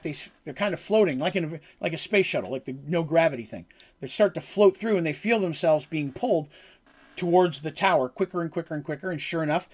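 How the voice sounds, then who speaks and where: A man casually recapping a tabletop game session as game master, rambling with fillers. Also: a little high.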